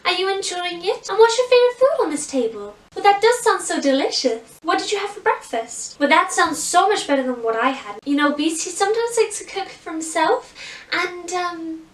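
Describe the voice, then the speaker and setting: A sweet, dainty princess with an American accent, as a woman puts her on, her voice high, girly and glitzy. She talks to children with elegant charm. The sound rings in an echoey room, picked up from a little way off the mic. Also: very animated, moderate pace, recorded from a distance. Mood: sweet, bubbly.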